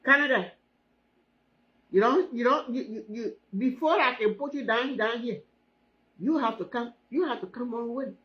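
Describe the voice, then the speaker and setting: A woman's voice: fairly high pitch, moderate pace, highs cut off. A woman running her hair braiding business, talking to viewers on a live stream, emphatic and repeating herself, often asking "hmm?". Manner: emphatic, repeats phrases, often asks 'hmm?'.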